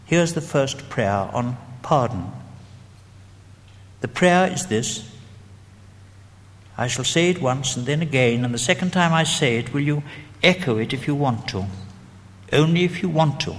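A man preaching an evangelistic sermon, gently and deliberately leading the listeners through prayers. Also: mid-range voice, expressive. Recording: long hall reverb.

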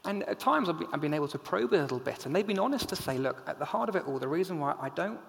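A man's voice: fairly high pitch, animated, fast, creaky, fairly bright tone. A man preaching a sermon in a church as a minister, earnest and emphatic, full of rhetorical questions. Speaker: pastor. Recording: long hall reverb.

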